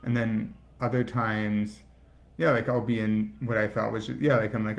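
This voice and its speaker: A man comedian in casual chat, halting and full of fillers like "like". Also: fairly low pitch, flat delivery, creaky. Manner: halting, filler-heavy, lots of "like". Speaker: comedian guest.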